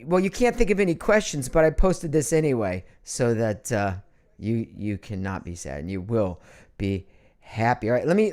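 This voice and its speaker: A middle-aged man hosting a casual live online show from a home studio, joking and slipping into mock outrage. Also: mid-range voice. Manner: animated, jokey, swings into mock outrage. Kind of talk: casual livestream chat.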